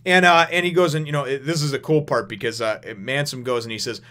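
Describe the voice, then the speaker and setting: A fast-talking man giving a loose, rambling manga review, with cusses and laughs sprinkled through. His voice is bright and forward, at a middle pitch for a man. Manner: rambling, profane, laughs often.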